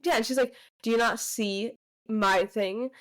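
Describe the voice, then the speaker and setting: A woman's voice: fairly high pitch, a little slow, a bit bright, poor audio. A young woman co-hosting a book podcast, retelling scenes casually and quoting characters with frequent "you know"s. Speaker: podcast co-host.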